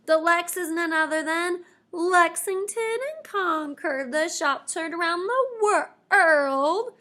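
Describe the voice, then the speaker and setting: A woman teacher giving a lively history lesson to her students, expressive and playful with asides. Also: very high-pitched, slow.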